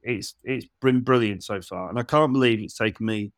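A man's voice: on the low side, moderate pace, no room sound, studio quality. A man in his forties from England, chatting casually on a podcast and acting out the dialogue of his stories. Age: 40s. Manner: chatty storyteller, laughs and acts out dialogue. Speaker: podcast co-host.

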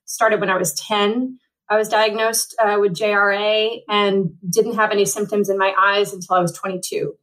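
A woman's voice: mid-range voice, flat delivery, moderate pace, fairly bright tone, rough recording. A woman in her forties, a para-athlete guest telling her story at length in an interview, with a rambling manner and lots of restarts. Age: 40s. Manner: rambling, frequent fillers and restarts. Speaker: Paralympic triathlete guest.

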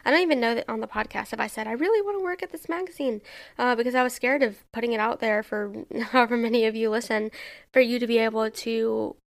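A woman's voice: fairly high pitch, level tone, fast talker, vocal fry. A young adult woman hosting her own podcast, talking alone in a rambling, self-questioning way with lots of "like". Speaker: podcast host. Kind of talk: casual solo podcast monologue.

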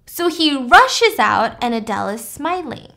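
Chatty high-voiced woman recapping a plot. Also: measured pace, vocal fry. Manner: animated, chatty, frequent "like". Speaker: podcast host.

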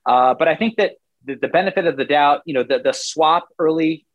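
Animated man breaking down football. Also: on the high side, brisk, lo-fi sound. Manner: animated, rambling, acts out quoted coaches. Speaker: former player turned football analyst. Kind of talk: casual sports talk.

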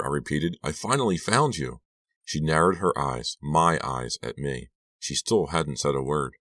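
A man with an extremely deep voice narrates a horror audiobook in a measured, dramatic first-person reading. The sound is close and dry, with no room at all. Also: fairly bright tone, dry recording. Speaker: audiobook reader.

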